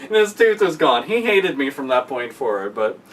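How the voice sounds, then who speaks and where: A man ranting casually and profanely, excitable, often breaking into loud shouted impressions. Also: mid-range voice, normal speed, distant mic. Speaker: podcast guest.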